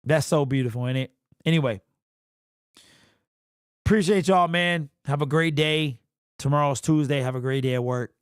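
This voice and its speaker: A man's voice: a little high, normal speed, long pauses, clear, resonant tone, no echo, clean studio sound. A young man hosting a casual livestream, rambling and slangy, emotional and sniffly. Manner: rambling, repeats and restarts, slangy. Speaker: livestream host.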